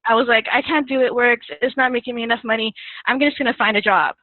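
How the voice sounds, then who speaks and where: A woman's voice: on the high side, steady tone, fast, no room sound. A woman guest telling her story in a casual interview, chatty, laughing often and getting emotional. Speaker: guest distributor. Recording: tinny phone line, dry.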